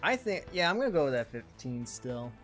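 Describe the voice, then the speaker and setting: A man streaming a flight game live, joking, greeting viewers and reacting excitedly as he plays. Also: mid-range voice, a little fast. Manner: joking, excitable, talks to chat. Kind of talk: casual live game commentary. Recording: game music playing behind.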